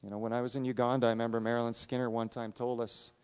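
A man's voice: mid-range voice, level tone, rapid-fire, clear, resonant tone. A man preaching a sermon as a pastor, earnest and emphatic, repeating his points for weight. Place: church sanctuary. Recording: reverberant church hall.

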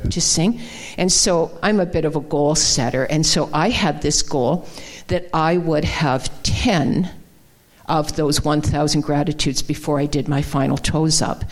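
A woman giving a conversational, folksy sermon, with many fillers and restarts. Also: low voice. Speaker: guest speaker. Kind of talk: informal sermon.

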